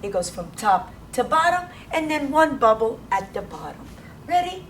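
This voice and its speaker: A woman teaching preschoolers in a classroom, talking in an animated, sing-song way and gasping with excitement. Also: on the high side, moderate pace, distant mic, a little hiss or hum. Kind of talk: children's lesson.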